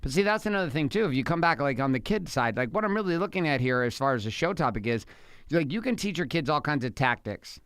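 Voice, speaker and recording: Emphatic man, smooth and fast. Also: a little high, lively intonation, fairly bright tone, dry recording, clean studio sound. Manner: emphatic, repeats points. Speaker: podcast co-host. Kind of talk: casual conversation with his wife.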